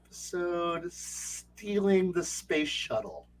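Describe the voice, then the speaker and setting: A man telling game master stories in casual livestream chat, excitable and rambling, with frequent swearing. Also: sits high, slow, a little hiss or hum. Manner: excitable, rambling, profane storytelling. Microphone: streaming setup mic.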